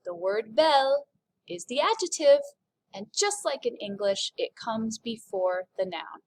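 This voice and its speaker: A woman teaching a recorded French lesson, speaking slowly and clearly and modeling French phrases in an upbeat way. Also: fairly high pitch, very animated, a little mellow.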